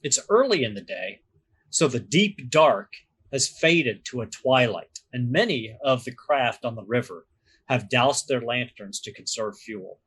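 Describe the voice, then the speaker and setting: A man narrating a tabletop game as game master, describing scenes in a measured storytelling manner. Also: mid-range voice, lively intonation, fairly bright tone, slightly rough.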